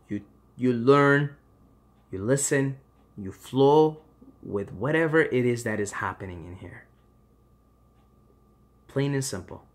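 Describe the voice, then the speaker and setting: A man giving impassioned advice to camera, emphatic and swearing freely, swinging between loud urging and quiet reassurance. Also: mid-range voice. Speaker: vlogger.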